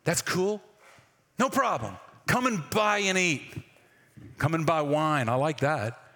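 Pastor, male, fairly high voice, chatty sermon delivery with questions to the room, long hall reverb. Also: animated, takes it slowly, fairly bright tone. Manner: conversational, asks the congregation questions.

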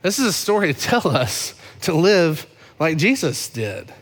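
A man preaching a sermon as pastor, impassioned, swinging from loud emphasis to hushed, low moments. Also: very animated, unhurried. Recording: long hall reverb.

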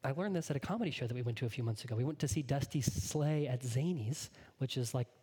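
A man preaching a sermon as a pastor, earnest, sometimes dropping to a hushed whisper. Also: medium pitch, quick pace, a little hiss or hum.

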